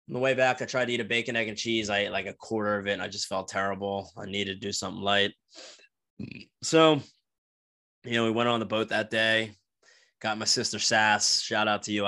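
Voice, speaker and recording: A young man from New Jersey rambles through a crude, animated story on his podcast. His voice is bright and forceful, with plenty of swearing and false starts. It is recorded dry and close, with little room sound. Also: mid-range voice, dry recording. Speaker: podcast host. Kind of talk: casual storytelling monologue.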